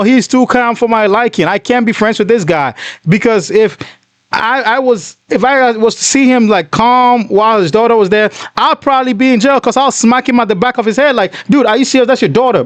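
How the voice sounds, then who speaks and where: A man's voice: very high voice, moderate pace, dry recording. A man hosting a casual reaction commentary, talking emphatically and indignantly, often calling the listener "bro". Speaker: reaction video host.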